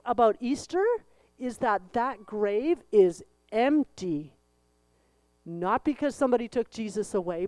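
A woman's voice: on the high side, no echo. A woman telling a Bible story to children at church, acting out the voices and leading a song. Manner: expressive, acts out the voices, leads the group in song.

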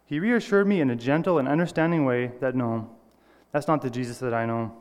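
A man's voice: mid-range voice, fairly quick, long reverb tail. A man giving an earnest, personal sermon, reading scripture and correcting small slips as he goes. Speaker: lay preacher.

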